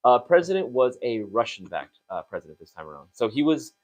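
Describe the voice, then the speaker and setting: Young male co-host, quick animated storyteller, lots of "like" and restarts. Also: mid-range voice. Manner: fast, animated storytelling with many fillers. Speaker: co-host of a store talk show. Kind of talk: casual chat.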